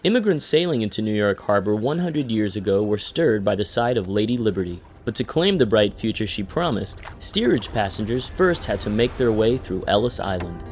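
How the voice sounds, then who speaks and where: A man giving a scripted documentary introduction in a measured way. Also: fairly low pitch, sing-song, a little hiss or hum. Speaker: narrator. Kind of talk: scripted narration.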